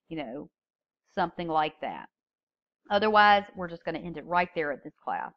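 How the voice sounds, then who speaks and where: A woman's voice: deep voice, lively intonation, normal speed, muffled recording. A woman teaching a public speaking class, explaining techniques and reading example openers aloud with strong emphasis on key words. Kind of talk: recorded classroom lecture.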